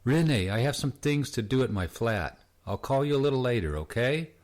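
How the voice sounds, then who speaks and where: A man voicing an anxious young woman art student, lifting his voice higher and speaking quickly. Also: expressive, darkish tone, close to an everyday voice.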